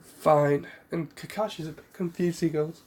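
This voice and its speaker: A man's voice: fairly high pitch, fairly even intonation, a little slow. A man casually retelling a fan story, rambling with fillers, self-corrections and the odd cough.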